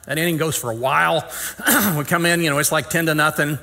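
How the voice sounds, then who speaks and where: A man's voice: on the high side, fairly even intonation, brisk, creaky, bright, forceful tone. A middle-aged man, preaching and telling a folksy, funny story, acting out the dialogue. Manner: folksy, acts out dialogue, self-deprecating humor. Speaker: pastor. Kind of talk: sermon storytelling.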